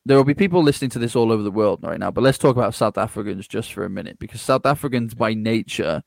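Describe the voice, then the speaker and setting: A man talking as a podcast guest in a casual conversation. He is energetic, laughs often and acts out other people's replies. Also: on the low side, quick pace, vocal fry, dry recording, clean studio sound.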